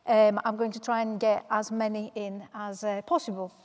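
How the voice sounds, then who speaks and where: A woman from Manchester moderating a panel discussion, speaking in a measured way with frequent "uh" fillers. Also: mid-range voice, level tone, a little mellow. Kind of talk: panel introduction. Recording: long hall reverb.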